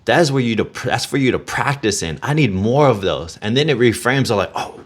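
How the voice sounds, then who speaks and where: A man's voice: medium pitch, expressive, brisk. A man who coaches athletes, talking on a podcast in an intense, motivational and profane way. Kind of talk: casual podcast chat.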